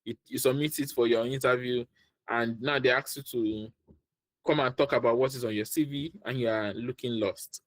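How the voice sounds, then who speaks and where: A man with a Nigerian accent coaching a group on a video call, with a direct, repetitive and animated way of talking. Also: medium pitch, normal speed, dry recording, poor audio. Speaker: career coach. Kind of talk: online training session.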